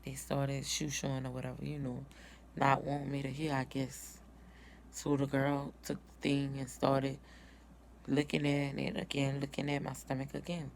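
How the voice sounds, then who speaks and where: Low gravelly-voiced woman telling her story. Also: completely flat delivery, normal speed, a little mellow, a little hiss or hum. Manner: casual, retells dialogue in quotes. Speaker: mother telling birth story. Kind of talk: personal storytelling vlog.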